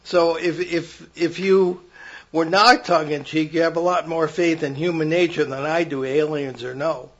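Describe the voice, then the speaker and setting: A man hosts an interview, raising careful questions and hesitating with fillers between his thoughts. His voice is fairly high for a man. The recording is dull and muffled. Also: fairly even intonation, measured pace, a bit bright. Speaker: host. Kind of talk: interview conversation.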